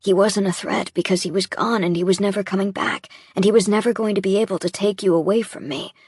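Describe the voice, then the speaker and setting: Woman reading as hurt young boyfriend, husky breathy voice, halting, cracking, dry close sound. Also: mid-range voice, fairly even intonation, darkish tone, no echo. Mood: anguished. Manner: halting, pained, voice breaking. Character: distraught young adult man, jealous boyfriend. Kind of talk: audiobook dialogue reading.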